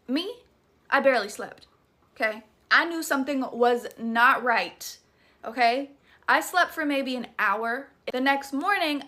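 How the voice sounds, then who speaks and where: A woman's voice: sits high, sharp tone. A woman with a Southern US accent telling a spooky personal story in a chatty, profane, dramatic way. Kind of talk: casual storytime vlog.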